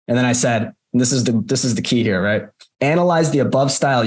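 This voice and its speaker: A young man coaching a group on a call, casual and chatty, with many fillers and repeated words. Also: medium pitch. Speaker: marketing coach presenting. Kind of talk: casual screen-share walkthrough on a call.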